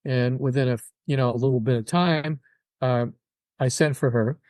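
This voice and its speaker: An older man talking as a guest in an interview, telling personal stories with an animated delivery and acting out other people's words. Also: mid-range voice, normal speed, dry recording. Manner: animated, acts out quoted voices. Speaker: guest musician. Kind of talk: casual interview storytelling.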